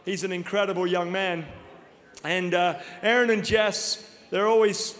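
A man in his fifties preaching a sermon full of funny personal stories, animated and self-deprecating, laughing often. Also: high-pitched, measured pace. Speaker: guest preacher. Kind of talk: humorous storytelling sermon. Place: large church auditorium. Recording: long reverb of a large hall.

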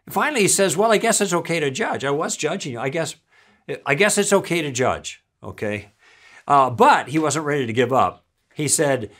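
A middle-aged man giving a recorded church teaching, telling stories and acting out both sides of a conversation. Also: a little high. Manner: animated storytelling, acting out dialogue.

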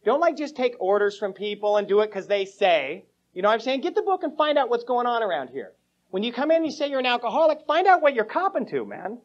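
Recorded on a lo-fi old cassette tape with a little hiss or hum, this AA meeting speaker talks in a very high-pitched voice with big pitch swings and a quick pace. He tells his recovery story to a live audience in a meeting room, joking around in slang and addressing people as "man" and "bro."

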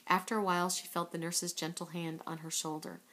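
A woman reading a children's book aloud in a steady voice, now and then correcting a slip. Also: lowish voice, fairly quick. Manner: steady, with occasional slips and self-corrections. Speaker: reader.

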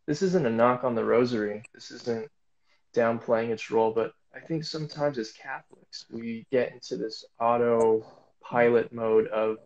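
A man's voice: mid-range voice, moderate pace, a little mellow, highs cut off. A man speaking as a guest, telling a casual faith testimony in a rambling way with many fillers and restarts.

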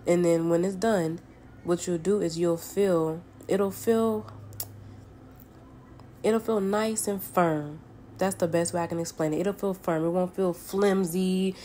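Low-voiced Southern woman chatting while cooking. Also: fairly even intonation, a little slow, dark tone, slight background noise. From Southern United States. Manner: folksy and chatty, calls viewers honey and baby. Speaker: home cook. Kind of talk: casual cooking tutorial chat. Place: home kitchen at the stove.

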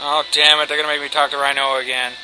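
A man's voice: fairly high pitch, level tone, rapid-fire, poor audio. A man hosting a let's play, talking casually over gameplay and going off on profane, rambling rants. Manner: rambling, profane, ranting asides. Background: faint video game music.

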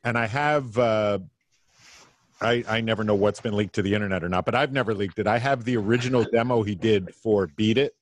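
A man on a podcast panel, a music producer, telling a reflective anecdote in an unhurried way. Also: fairly low pitch, no echo.

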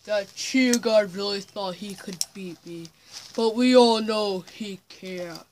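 A woman's voice: medium pitch, slow pace, a little mellow, slight background noise, close to an everyday voice. A woman voicing a boastful, threatening evil old grandpa in improvised game role-play, with gloating lines and cackling laughs.

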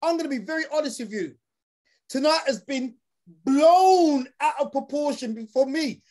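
A man's voice: extremely high pitch, lively intonation, moderate pace, a little mellow. A man hosting a live online talk, addressing his audience in a rousing, preacher-like way over a video call. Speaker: host. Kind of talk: energetic live show hosting.

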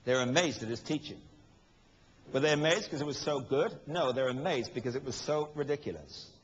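A man's voice: mid-range voice, a little fast, breathy edge. A man preaching a sermon with emphasis, asking rhetorical questions and acting out quotes with humor. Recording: dull lo-fi recording with long hall reverb.

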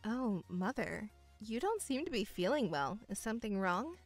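A woman voicing a calm, cold young stepdaughter in a dramatized story, speaking in a measured, coolly firm way. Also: medium pitch, soft background music, pitched below the performer's own voice. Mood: composed.

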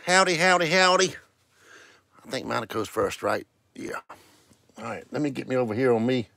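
Gravelly-voiced man hosting a live stream. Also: mid-range voice, normal speed, bright, forceful tone. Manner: greets viewers one by one in a sing-song drawl; calls out scratch-ticket numbers. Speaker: livestream host. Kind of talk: casual live-stream chat.

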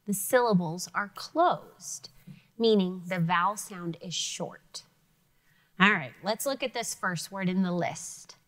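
A woman teacher giving an encouraging, clearly spoken lesson to young students. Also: fairly low pitch, slow, fairly bright tone. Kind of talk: televised classroom lesson for children.

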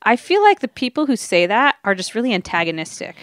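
A woman's voice: on the high side, sing-song, quick pace, a bit bright, dry recording, studio quality. A middle-aged woman co-hosting a radio chat show, chatty and self-deprecating about being uncool. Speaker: radio co-host. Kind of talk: casual chat.

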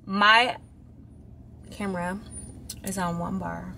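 A woman's voice: medium pitch, unhurried, pushed and bright, a little hiss or hum. Chatty woman vlogger. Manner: chatty and dramatic. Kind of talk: casual vlog monologue.

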